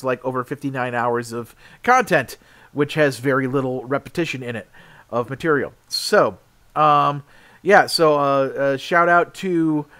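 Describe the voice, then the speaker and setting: A man's voice: fairly high pitch, fairly bright tone. A man co-hosting a casual podcast, chatty and rambling, sleepy and yawning. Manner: rambling, chatty, filler-heavy. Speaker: podcast co-host.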